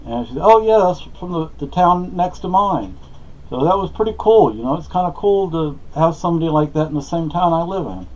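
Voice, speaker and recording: A man's voice: on the high side, lively intonation, fairly quick, darkish tone, dull audio. A man talking casually to camera in a rambling, hesitant way, full of fillers and restarts. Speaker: vlogger.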